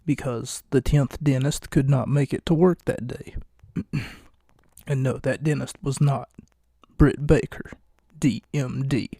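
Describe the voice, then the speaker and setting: A man hosting a casual solo wrestling podcast late at night, talking in a hushed, jokey, rambling way from a home recording space. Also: mid-range voice, little pitch movement, unhurried, no room sound, studio quality. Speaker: podcast host.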